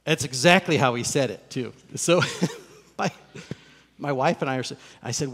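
A middle-aged male pastor telling a story from the pulpit in a lively, conversational way. His mid-pitched voice carries through a large hall with a long reverb. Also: normal speed. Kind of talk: sermon with personal storytelling.

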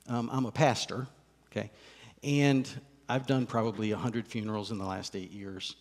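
A middle-aged male pastor preaching a sermon, telling a personal story in an animated, conversational way. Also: fairly low pitch, normal speed, long reverb tail.

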